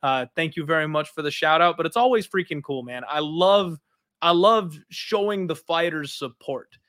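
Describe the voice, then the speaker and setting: Bright-voiced easygoing male co-host. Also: on the high side, moderate pace, no echo, studio quality. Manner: easygoing, conversational, uses "man" and "like". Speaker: podcast co-host, betting analyst. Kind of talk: casual podcast chat.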